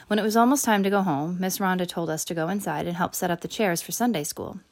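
A woman reading a first-person children's novel aloud, lifting her voice for the characters' lines. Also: fast talker. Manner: voices characters with raised pitch and louder quotes. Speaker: audiobook narrator. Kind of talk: first-person storybook narration.

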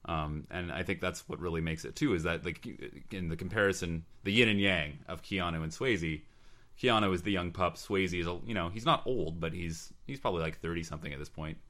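A man with a very deep voice chats casually about films. He wanders into tangents and stumbles over restarts, hunting for the right words. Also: fairly quick, sharp tone. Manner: rambling, hesitant with frequent restarts. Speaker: podcast co-host. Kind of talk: casual movie discussion.

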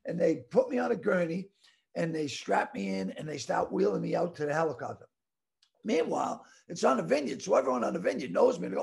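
A man in his sixties telling a story loudly and crudely, with lots of animated outbursts. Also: high-pitched, quick pace, gravelly. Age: 60s. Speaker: guest comedian. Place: home.

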